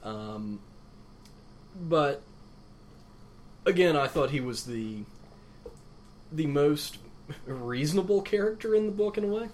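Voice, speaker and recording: A man in casual conversation about a book, chatty and quick to laugh. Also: a little high, expressive, darkish tone. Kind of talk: casual chat about books. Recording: faint background noise.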